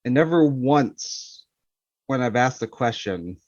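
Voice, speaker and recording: A man's voice: medium pitch, lively intonation, slow pace, a little mellow, no room sound, highs cut off. A man playing an anxious husband and father in a tabletop role-play, probing and earnest with a shaky edge. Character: anxious husband and father confronting his wife.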